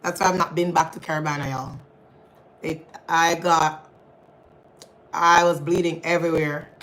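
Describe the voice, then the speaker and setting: Hosting a casual livestream, a young woman speaks in a low-pitched, fairly bright voice with little pitch movement and a moderate pace. She reads comments, chats with viewers, calls them y'all, and laughs often. The recording is rough.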